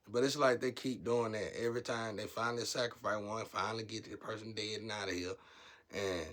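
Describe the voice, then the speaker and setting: A man giving a casual spiritual monologue, rambling and blunt, turning preachy and loud when heated. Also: lowish voice, steady tone, brisk.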